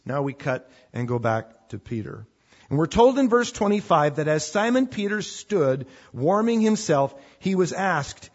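A man's voice: mid-range voice, breathy edge, dull audio. A man preaching a sermon in an informal, conversational way, acting out the voices in the scripture stories. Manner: conversational, acts out scripture dialogue.

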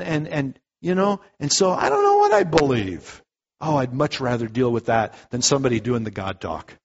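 Man, pastor, conversational sermon, lively delivery with restarts, slightly husky, long hall reverb. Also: on the high side. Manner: conversational, animated preaching with many restarts. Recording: muffled echoey hall.

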